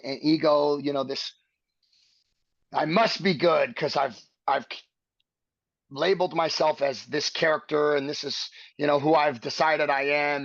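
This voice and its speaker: A man with a gravelly, creaky voice talks in an earnest, searching way, stacking his thoughts one step at a time. The recording sounds a little dull and lo-fi, dry, with no room echo. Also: medium pitch, fairly bright tone. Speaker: podcast guest. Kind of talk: reflective conversation.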